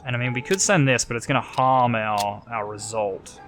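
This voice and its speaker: A man's voice: mid-range voice, normal speed, a bit bright, soft background music. An Australian man hosting a let's play, chatting casually and thinking aloud while reading the game's text.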